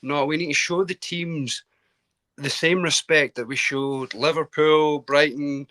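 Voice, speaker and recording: Scottish man, bright forceful voice, caller on a video call, chatty, jokey, halting. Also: fairly high pitch, steady tone. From Scotland. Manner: chatty, self-deprecating, with many restarts. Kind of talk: casual football chat.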